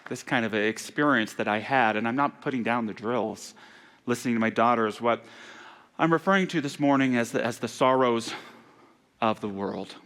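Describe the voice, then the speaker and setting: A man delivering a Sunday sermon as minister, earnest and turning hushed on sorrowful passages. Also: medium pitch, normal speed, some chatter behind. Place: church sanctuary. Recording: long hall reverb in a church.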